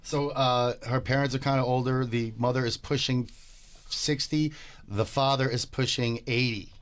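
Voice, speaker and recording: A man's voice: mid-range voice, fairly even intonation. A man calling in to a radio show, hurrying through a personal story. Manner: rushed storytelling. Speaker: caller. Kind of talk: telling a story on a call-in show.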